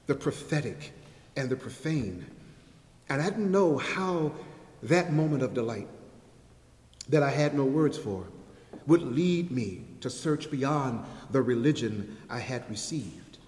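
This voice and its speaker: A man's voice: mid-range voice, a little mellow. A man giving a sermon at a church, reciting a rhyming spoken-word poem with a playful rhythm and leading the congregation in call-and-response. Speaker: guest speaker at a church service. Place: church sanctuary. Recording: echoey hall with long reverb.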